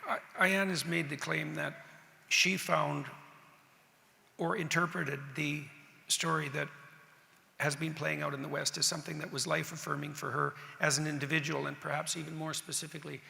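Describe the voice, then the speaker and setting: Male moderator; gravelly, slightly high, halting, reverberant hall. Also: flat delivery, bright, forceful tone. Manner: halting, restarts while framing long questions. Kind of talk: panel moderation. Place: large hall with audience.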